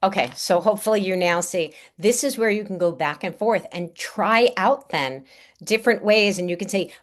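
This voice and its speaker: A woman's voice: mid-range voice, brisk. Upbeat woman coaching a workshop. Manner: upbeat, encouraging, chatty with fillers. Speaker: speaking coach running a workshop. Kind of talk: online workshop instruction.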